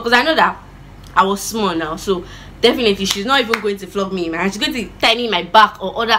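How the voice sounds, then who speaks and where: A young woman with a Nigerian accent telling a dramatic storytime vlog, animated and expressive, slipping in pidgin words. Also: medium pitch, fast, slight background noise. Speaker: vlogger.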